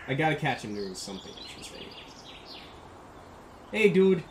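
A young man giving casual, excitable let's-play commentary as a gaming channel host, reacting loudly as he plays. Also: fairly high pitch, moderate pace, background noise. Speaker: gaming YouTuber. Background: loud game music.

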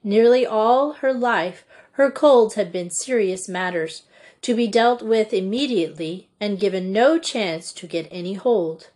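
Slow, measured woman storybook reader. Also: mid-range voice, a little mellow. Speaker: audiobook reader. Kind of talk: storybook narration.

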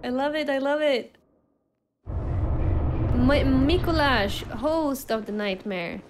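A woman's voice: high-pitched, takes it slowly, background noise. A woman streamer giving casual gameplay commentary, chatty and giggly, reacting aloud to what happens on screen. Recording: game music behind voice. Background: game music.

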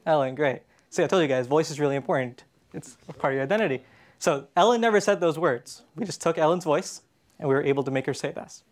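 A man's voice: fairly high pitch, fast talker. A Canadian man giving a casual conference presentation, talking with many fillers and restarts. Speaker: conference speaker. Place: conference stage in a hall.

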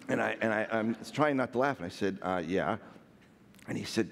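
A man's voice: on the low side, normal speed. Man telling stories in a big hall. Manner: self-deprecating and playful. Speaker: speaker. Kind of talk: storytelling talk on stage. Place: large hall.

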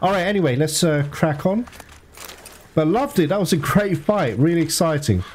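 A fairly high-voiced man gives live commentary on his gameplay, often breaking into excitable, panicked exclamations. His voice sits over a clear layer of noise and game ambience. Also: normal speed. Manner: excitable, panicky outbursts and laughter mid-fight. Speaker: let's play gamer.

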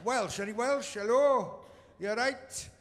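A man's voice: very high voice, a little slow. A man from Britain performing a stand-up routine on a comedy stage, teasing the crowd in a dry way.

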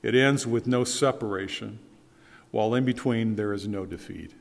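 A man's voice: fairly low pitch, normal speed, creaky. A man preaching a sermon as pastor, earnest and emphatic, repeating his key phrases for weight. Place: church sanctuary. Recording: long church reverb.

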